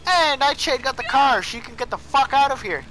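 A man's voice: very high voice, animated, normal speed, slight background noise, rough recording. A young man chatting casually while playing a video game, swearing often and breaking into outbursts. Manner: swearing, laughing, loud outbursts. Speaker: gamer. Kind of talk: casual gameplay chat.

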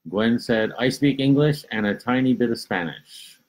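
A man co-hosting a live language lesson, reading viewer comments and repeating phrases as a learner, relaxed and casual. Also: mid-range voice, normal speed, rough recording. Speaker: co-host reading chat comments.

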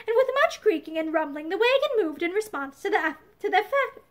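A woman reading an old storybook aloud, unhurried, sometimes stopping to correct herself. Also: very high-pitched, sing-song. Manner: unhurried, with small restarts. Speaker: reader.

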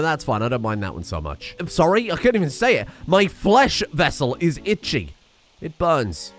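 A man commentating on a video game as a streamer, excitable, laughing and swearing often. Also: a little high. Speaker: gaming streamer. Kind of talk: let's play commentary.

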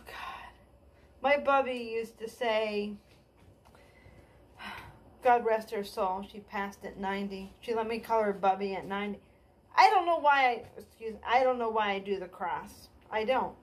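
In a stand-up comedy monologue, a woman with a voice on the high side speaks at a measured pace, rambling in a scattered way, poking fun at herself, and repeatedly trailing off and restarting.

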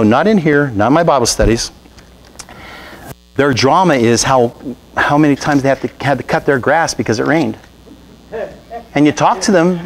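A man's voice: medium pitch, a little hiss or hum, poor audio. A man pastor giving a conversational sermon at a Bible study, asking his listeners questions and acting out what people say to him. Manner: animated, conversational preaching with asides and rhetorical questions; quotes scripture and acts out other people's remarks.

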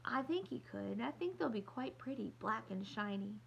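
A poised young girl speaks graciously in a sophisticated storybook voice, as a woman reads her part. Her voice sits a little high, with a faint gravelly rasp. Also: lively intonation, normal speed, lo-fi sound, slight background noise. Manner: sophisticated, gentle. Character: poised imaginative ten-year-old girl, gracious and kind.

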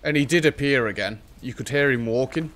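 A man's voice: mid-range voice, fairly quick, a bit bright. A man giving nervous, joking commentary on a solo horror game, now and then taunting the ghost. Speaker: gaming streamer.

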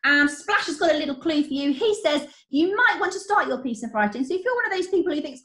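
A woman teacher, explaining writing step by step in an online lesson, clearly and encouragingly. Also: high-pitched, animated, fast, hardly any pauses, a bit bright. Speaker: primary school teacher. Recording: roomy echo.

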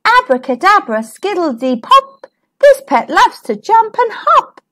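A woman's voice: very high voice, big pitch swings, measured pace, fairly bright tone, pitched above the performer's own voice, full character voice. A woman voicing a kindly fairy godmother in a children's storybook, chanting rhyming spells in a sing-song way.

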